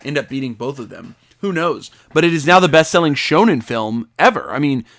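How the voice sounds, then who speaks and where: Excitable young man on a podcast. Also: fairly high pitch, a little fast. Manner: excitable, shouting when retelling his reactions. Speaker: podcast co-host. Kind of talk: casual chat.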